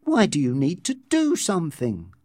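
A man voicing a headstrong, impatient young woman in love, with drawn-out, pleading delivery, in a read-aloud story. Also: mid-range voice, sing-song, a little mellow, dry recording, studio quality, voice pushed up. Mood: yearning.

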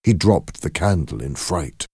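A man narrating a scripted story in a measured, expressive way. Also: very deep voice, breathy edge, dry recording, studio quality.

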